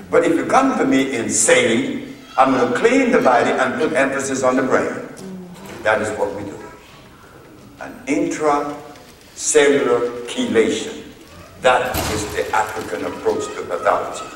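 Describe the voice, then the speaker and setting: A man lecturing an audience as a herbalist, telling a courtroom story in a slow, deliberate way and laughing at his own tale. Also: mid-range voice. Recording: echoey hall, mic far off, faint noise.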